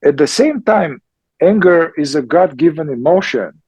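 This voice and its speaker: A man, a therapist and teacher answering questions in a slow, emphatic conversational way, often checking in with "yeah?". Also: fairly high pitch, animated, a little mellow, breathy edge, dry recording, dull audio. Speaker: somatic psychotherapist and teacher.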